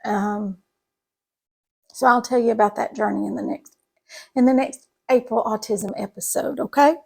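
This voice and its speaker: Folksy gravelly-voiced woman. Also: on the high side, steady tone, normal speed, darkish tone. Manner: chatty, folksy, talks to viewers as y'all. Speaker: home cooking vlogger. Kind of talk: casual cooking chat to camera. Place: home kitchen.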